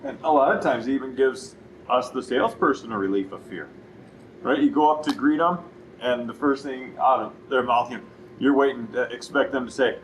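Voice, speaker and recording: A man's voice: medium pitch, expressive, brisk, a bit bright, slight background noise, poor audio. A man co-hosting a casual chat about sales, who acts out cheerful greetings in a raised voice. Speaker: furniture store co-host.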